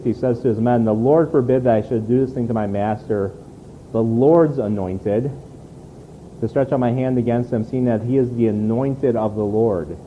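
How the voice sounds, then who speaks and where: A man's voice: medium pitch, narrow, tinny audio, a little hiss or hum. A man preaching a sermon in an earnest, conversational way, often repeating words as he restarts. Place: church.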